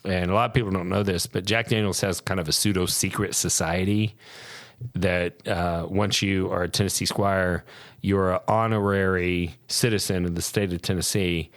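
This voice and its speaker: A man's voice: deep voice, fairly even intonation, moderate pace, a bit bright, no echo. A man, a podcast guest, telling casual stories with many fillers and restarts. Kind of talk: casual storytelling.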